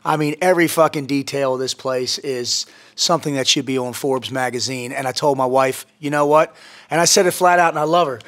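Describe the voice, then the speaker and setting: A man as a podcast guest, talking in a brash, profane, boastful motivational style that gets louder when he is worked up. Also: mid-range voice, fairly quick. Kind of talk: casual podcast chat.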